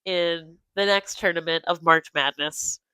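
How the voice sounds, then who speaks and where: A woman's voice: lowish voice, unhurried, clear, resonant tone, no echo, low-quality recording. Nasal, stuffy-voiced woman podcast co-host. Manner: laughs often, loud bursts of laughter. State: congested, nasal from a cold. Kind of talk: casual chat. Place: home room.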